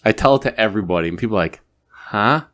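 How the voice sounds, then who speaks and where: A man's voice: on the low side, animated, very fast. A man hosting a podcast in casual chat, easygoing and rambling as he tells jokes. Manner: easygoing, rambling, many fillers and restarts when telling jokes. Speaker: podcast host.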